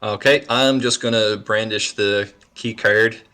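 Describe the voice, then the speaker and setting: Bright, chatty male player. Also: on the low side, steady tone, unhurried, clean tone. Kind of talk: casual tabletop game chat.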